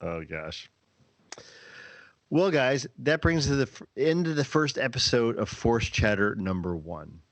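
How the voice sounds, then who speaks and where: A man hosting a podcast in casual chat, rambling and halting. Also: mid-range voice, big pitch swings, dry recording. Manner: rambling, halting, many restarts. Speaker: podcast host.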